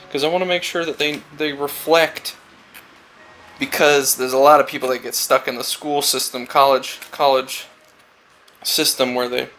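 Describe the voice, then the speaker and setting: A woodcarver vlogger with a creaky, sharp-toned, mid-range voice speaks casually and reflectively while working on wood. He wanders through a story and acts out quoted exchanges.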